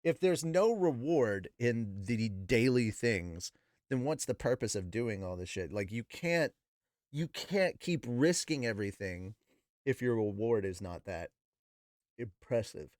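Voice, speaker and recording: A man's voice: medium pitch, measured pace, no room sound, studio quality. A man reading a light novel aloud on stream and breaking off for casual, profane commentary. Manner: animated, profane, laughing asides.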